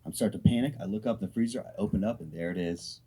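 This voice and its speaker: A man's voice: rapid-fire, breathy edge. A man doing a stand-up comedy set, telling loose, profane stories. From Oregon. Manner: loose, profane storytelling with lively swings in pitch. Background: audience laughter.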